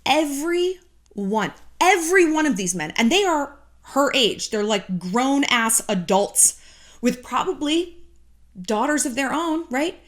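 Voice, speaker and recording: A woman's voice: high-pitched, unhurried. Blunt, sarcastic woman giving dating advice. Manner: blunt, sarcastic, profane, with animated mock voices. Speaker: YouTube dating advice host. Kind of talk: casual advice monologue to camera.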